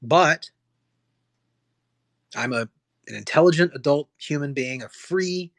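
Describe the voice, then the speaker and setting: A man's voice: a little high, takes it slowly, vocal fry. An American man hosting his own livestream, talking in an impassioned, rambling way full of restarts and rhetorical questions. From United States. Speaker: livestream host. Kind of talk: solo livestream rant.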